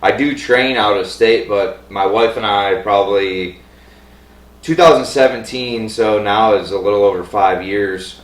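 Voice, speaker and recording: A man guesting on a casual podcast, relaxed and matter-of-fact with a fairly low voice. He sits a little off-mic, with a roomy echo around him. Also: recorded from a distance. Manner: easygoing, matter-of-fact storytelling. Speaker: MMA fighter, guest. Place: his home.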